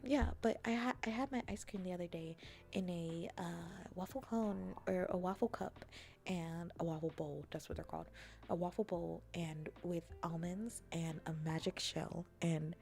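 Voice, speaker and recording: Woman, soft-spoken stream chat, half-whispered, low, gravelly, playful teasing, faint music behind. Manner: playful, half-whispered, mock-taunting teases.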